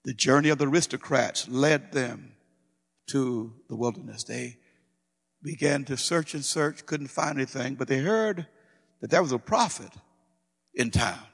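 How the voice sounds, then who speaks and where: A man preaching a sermon, emphatic and repetitive, swinging from loud declarations to hushed pleading. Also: mid-range voice, animated, measured pace, gravelly, husky, big-room sound.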